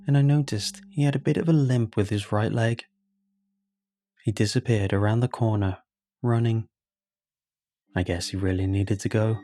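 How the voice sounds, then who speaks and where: A man tells a first-person horror story in a calm, measured way. His voice sits low and dark. Faint music plays underneath. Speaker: narrator.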